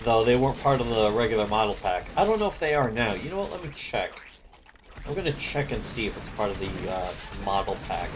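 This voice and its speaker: Low-voiced man chatting over noise. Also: sing-song, fairly quick. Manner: profane, laid-back. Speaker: podcast co-host. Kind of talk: casual chat. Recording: noisy background.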